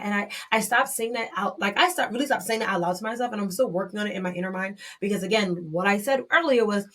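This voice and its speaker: A young adult woman hosting a podcast, reflecting candidly and emotionally in a personal monologue, often restarting her sentences and breaking into excited bursts. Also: medium pitch, fast, hardly any pauses. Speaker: podcast host.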